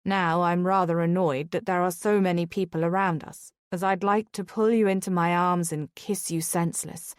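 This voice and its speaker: A woman reading a romance audiobook, voicing a sincere young nobleman in a tender, slightly lowered voice. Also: steady tone, normal speed, few pauses, clean tone, no echo, studio quality, lightly acted. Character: earnest devoted young nobleman, a reformed rogue.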